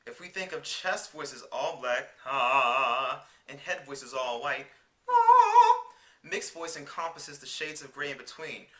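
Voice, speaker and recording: A man giving a singing lesson, explaining clearly and demonstrating vocal scales on simple syllables. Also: mid-range voice, unhurried, few pauses, pushed and bright, far from the mic. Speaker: singing teacher. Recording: roomy sound with piano behind. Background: piano accompaniment.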